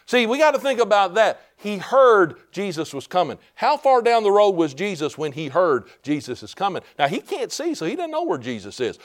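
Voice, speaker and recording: Fervent man preaching, slightly high voice. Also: very animated, moderate pace, hardly any pauses. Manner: fervent preaching that swells to shouts; calls out "Amen?" to the congregation. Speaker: pastor. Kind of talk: sermon.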